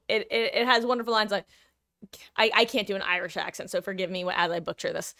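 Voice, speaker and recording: A woman's voice: mid-range voice, a little fast, pushed and bright. A woman streaming live, chatting casually with her viewers in a rambling, self-interrupting way and laughing often.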